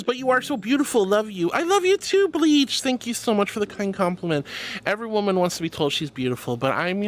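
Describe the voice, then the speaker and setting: A woman live-streaming and chatting casually with viewers, affectionate and giggly, calling them sweetheart and hon. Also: fairly low pitch. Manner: giggly, bubbly. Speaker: livestreamer.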